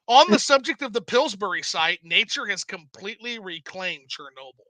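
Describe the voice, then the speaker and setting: A male host with a high, very lively voice and a sharp, bright tone. He jokes and swears freely in casual chat. The sound is dry and close. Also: unhurried, dry recording, rough recording. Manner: animated, jokey, swears freely. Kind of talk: casual live-stream chat.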